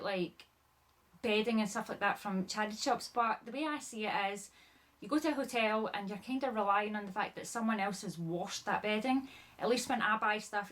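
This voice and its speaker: A woman's voice: mid-range voice, a bit bright. Breathless chatty woman showing her haul. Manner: chatty, rambling, apologetic, lots of "like". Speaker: haul vlogger. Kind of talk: casual chat showing items.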